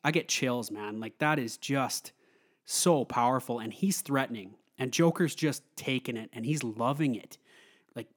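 A man giving a casual, excited film review, rambling with lots of fillers. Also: mid-range voice, measured pace.

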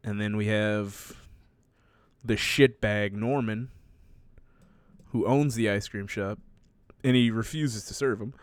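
A man's voice: lowish voice, steady tone, slow, long pauses, smooth, no echo. A man casually recapping a story with a co-host, laughing often and swearing freely.

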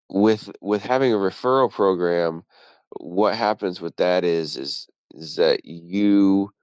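Speaking in a low, clean-toned voice, a man rambles about his work in a laid-back podcast conversation, swearing as he pleases. The recording is dry.

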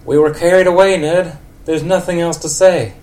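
A man voicing a fretful woman, putting on a high, old-lady voice that sounds anxious and pleading. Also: fairly even intonation, normal speed, darkish tone, close to an everyday voice.

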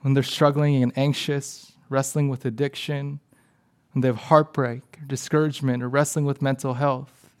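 Man preaching, hushed storytelling. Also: medium pitch, level tone, moderate pace. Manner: storytelling, often drops to a soft hush. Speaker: pastor. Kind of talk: sermon with personal story.

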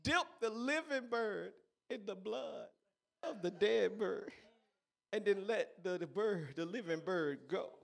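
High-voiced, lively preaching man. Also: takes it slowly, vocal fry. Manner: animated preaching, bursts of shouting and laughter. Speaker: pastor. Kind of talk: sermon. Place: church.

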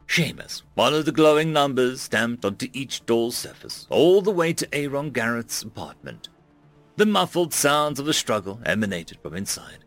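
Gravelly guy reading a thriller audiobook, dramatic, bright and dry close sound. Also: mid-range voice. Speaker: narrator. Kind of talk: audiobook narration.

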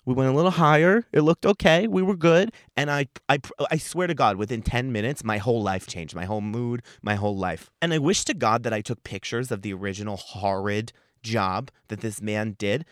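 A man's voice: mid-range voice, a little fast, dry recording, studio quality. A man hosting a podcast, telling a comedic story in a profane, emphatic and dramatic way. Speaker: podcast host.

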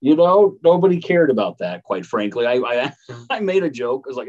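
A man's voice: mid-range voice, very animated, fairly quick, a little mellow, dull audio. A man in his thirties with a Midwestern American accent, casually telling a travel story on a podcast and laughing easily. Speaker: podcast co-host. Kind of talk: casual chat.

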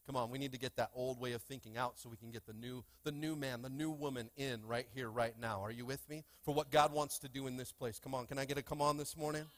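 A man preaching a lively sermon in a church, with call-and-response and playful asides to the congregation. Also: medium pitch, fast talker, few pauses. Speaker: pastor. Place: church sanctuary.

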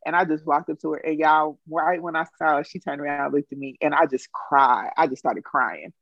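A woman telling a personal story in a casual, animated way and acting out the quotes. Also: low-pitched, brisk, vocal fry, dry recording, highs cut off. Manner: animated, acts out quotes, emotional.

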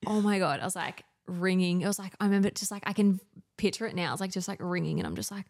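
A woman in her thirties with an Australian accent tells stories as a guest on a podcast, chatting casually and using lots of fillers. Her voice sits on the low side, a little mellow, and she talks fast.

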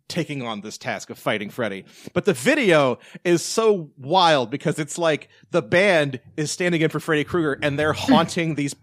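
A man co-hosting a casual podcast chat, animated and joking, with some swearing. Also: a little high, no room sound, studio quality. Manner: animated, profane, joking, breaks into shouted bits. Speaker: podcast co-host.

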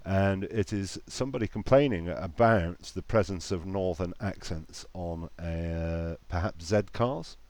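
A man's voice: deep voice, a little slow, hardly any pauses, darkish tone, no echo. A man co-hosting a casual chat, dry and wry, with some stumbling restarts. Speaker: podcast co-host.

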